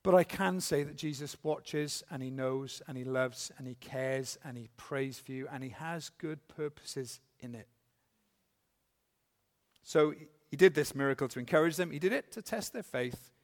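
A man preaching a sermon, earnestly asking the congregation questions and reading scripture slowly with emphasis. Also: medium pitch. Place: church. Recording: long hall reverb.

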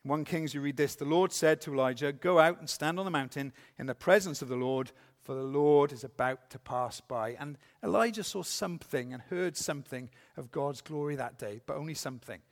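A male preacher delivering a sermon, with a slightly high voice that carries a gravelly edge. He reads scripture slowly and deliberately, then turns to the listeners with earnest questions. His voice rings out with a long reverb, as in a large church.

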